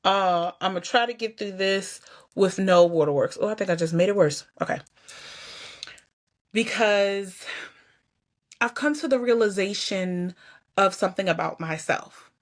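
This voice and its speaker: A woman's voice: mid-range voice, measured pace, long pauses. A woman hosting her own show, talking casually and candidly to viewers while trying not to cry. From Georgia, US. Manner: chatty, candid, laughs and sighs often. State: holding back tears. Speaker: podcast host. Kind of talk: casual personal vlog talk.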